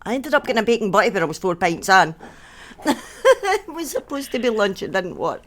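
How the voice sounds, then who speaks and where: A woman from Northern England chats easily with her co-host through a headset. Her tone is relaxed and teasing, and she drops in "aye" now and then. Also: medium pitch, brisk. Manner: relaxed, joking, says "aye". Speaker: podcast co-host. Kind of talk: casual chat.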